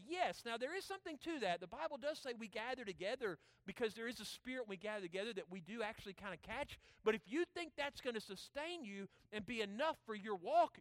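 A male pastor preaching a sermon, swinging between loud emphatic urging and quiet asides. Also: sits high, animated, fairly quick, no room sound.

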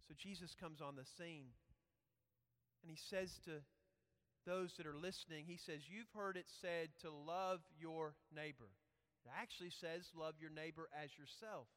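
A man's voice: on the high side, fairly bright tone. A man preaching a sermon, earnest and conversational, telling personal stories. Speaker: pastor. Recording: echoey hall reverb.

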